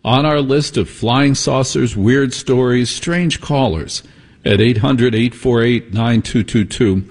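A man hosting a talk radio show, teasing his guest with quick jokes and asides. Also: mid-range voice, darkish tone, breathy edge. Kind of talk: casual talk radio chat.

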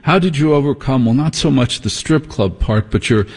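A man hosting a talk radio show, teasing his guest with quick jokes and asides. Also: mid-range voice, a little mellow, slightly rough. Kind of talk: casual talk radio chat.

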